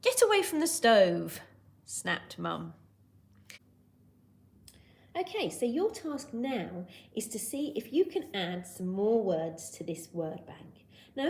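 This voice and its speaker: In a recorded lesson for young children, a woman with a fairly low voice, with slight background noise, teaches patiently and encouragingly. As a primary school teacher, she acts out voices expressively, shouting, whispering and gasping to show what each word means.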